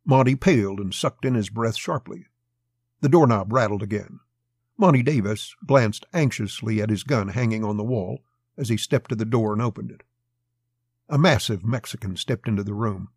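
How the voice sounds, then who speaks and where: A man reads an old pulp crime story in a steady, gravelly, husky voice. The sound is close and dry, with no room around it. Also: lowish voice, normal speed, no echo. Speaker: narrator.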